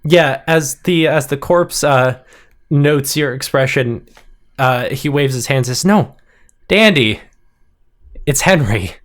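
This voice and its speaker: A man narrating a tabletop role-play as game master, relaxed and wry. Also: mid-range voice, a little slow.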